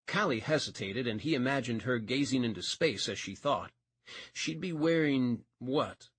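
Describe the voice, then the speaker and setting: A man's voice: medium pitch, lively intonation, normal speed, fairly bright tone, husky, no echo. A man narrating a romance audiobook, reading expressively and changing voice for each character.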